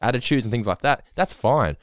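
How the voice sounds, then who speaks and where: A man, co-hosting a casual podcast, animated, swearing freely and acting out quotes. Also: medium pitch, fairly quick, dry recording, studio quality. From Australia. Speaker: podcast co-host. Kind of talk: casual chat.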